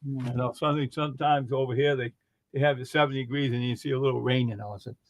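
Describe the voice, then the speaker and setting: A man's voice: mid-range voice, fairly even intonation, quick pace, no echo. A man chatting casually on a live stream, often repeating short agreeing phrases. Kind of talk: casual chat.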